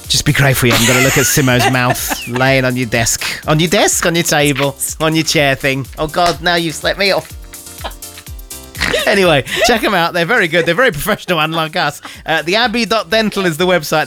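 A woman's voice: sits low, fairly quick, fairly bright tone, faint music behind. Teasing woman radio presenter. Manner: teasing, laughs mid-sentence. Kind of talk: casual radio chat and live ad read. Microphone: studio microphone.

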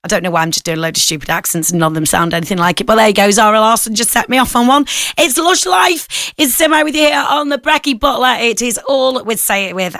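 A woman's voice: mid-range voice, a bit bright, no echo, clean studio sound. Chatty middle-aged woman radio host. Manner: chatty and jokey, rambling asides. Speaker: radio breakfast show host. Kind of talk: casual radio chat.

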